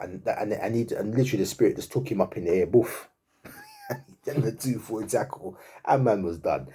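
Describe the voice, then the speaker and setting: A man's voice: fairly low pitch, expressive, normal speed, mellow, slightly rough. Incredulous laughing male football fan. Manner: laughing, incredulous, repeats himself, slangy. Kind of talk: animated fan reaction rant.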